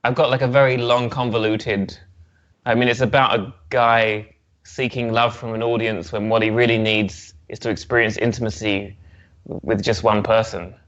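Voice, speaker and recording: A man's voice: fairly low pitch, level tone, moderate pace, fairly bright tone. A male comedian chatting casually as an interview guest, rambling with restarts and laughs. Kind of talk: casual chat. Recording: slightly dull, muffled sound.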